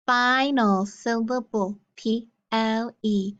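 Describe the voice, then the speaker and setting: Woman doing a phonics drill, sounds out each letter real slow, kinda muffled audio. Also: mid-range voice, fairly even intonation, a bit bright. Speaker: phonics teacher.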